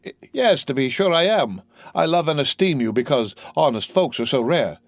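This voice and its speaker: A man's voice: fairly high pitch, lively intonation, normal speed, dry recording, voice pushed up. A man voicing a greedy young male tailor with a broad Marseille accent, speaking in a hearty, fawning, insinuating way. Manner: grinning, overly hearty, insinuating.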